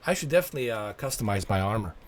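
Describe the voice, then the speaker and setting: A gaming livestreamer rants repetitively and with exasperation, talking straight to his viewers during live gameplay commentary. His voice is lowish with lively intonation, and he speaks at a racing pace. There's slight background noise.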